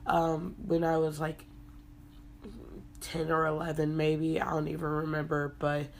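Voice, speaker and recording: A young woman hosts her podcast while sick, her congested voice hoarse and low. She talks slowly and without much energy, with a gravelly fry running through her words. A faint hum of noise sits behind her. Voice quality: hoarse, husky from illness. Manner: low-energy, laid-back. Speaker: podcast host. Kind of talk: casual solo podcast chat.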